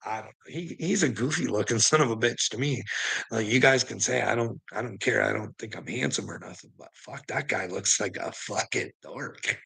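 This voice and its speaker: A man's voice: fairly low pitch, normal speed, vocal fry, bright, forceful tone, husky. A man vlogging in a casual, rambling, profane rant, laughing often between his lines.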